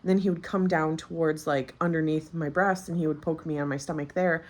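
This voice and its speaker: This is casual storytelling from a thirty-something vlogger who recently gave birth, speaking candidly and chattily with lots of filler words. She has a low, slightly mellow voice, keeps a steady tone, and talks fairly quickly.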